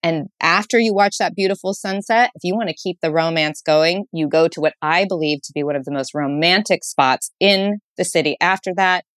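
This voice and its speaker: A woman's voice: fairly low pitch, a little fast, hardly any pauses, no echo. A woman guest author on a casual interview show, talking enthusiastically with playful asides and frequent laughter. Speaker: guest author recommending date spots.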